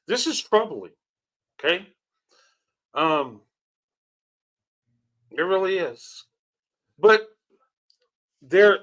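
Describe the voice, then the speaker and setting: A man's voice: on the high side, sharp tone. A man hosting a reaction video, commenting on clips in an earnest, heartfelt way, often laughing and repeating himself. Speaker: channel host reacting to clips.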